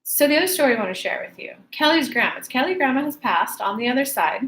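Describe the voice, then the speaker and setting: A woman hosting a spiritual livestream, chatting and telling stories in a lively, animated way, speaking of herself by name. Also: high voice, fast, roomy sound, a little hiss or hum, rough recording. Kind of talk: animated channeled talk and storytelling.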